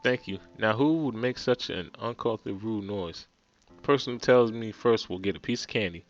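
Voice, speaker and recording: A man's voice: on the low side, normal speed, lo-fi sound, faint music behind, voice pushed down, lightly acted. A man with a New Jersey accent voicing a stern, stuffy male schoolteacher in a pompous, scolding tone.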